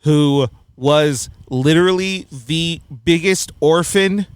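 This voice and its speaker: A man's voice: a little high, slow, clear, resonant tone, no echo. A man hosting a casual film review chat, blunt and opinionated, often laughing at his own points. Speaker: podcast host reviewing a film.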